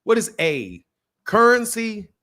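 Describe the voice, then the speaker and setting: Animated man hosting a boxing live stream. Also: high-pitched, slow. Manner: animated, talks back to chat and trolls, repeats himself. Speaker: boxing channel host. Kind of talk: live-stream commentary, reading super chats.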